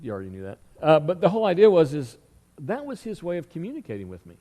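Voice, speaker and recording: A man's voice: on the high side, wildly swooping pitch, fast talker, mellow, big-room sound. A middle-aged man preaching a sermon as pastor, telling stories and asking the congregation questions. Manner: conversational storytelling with rhetorical questions. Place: church sanctuary.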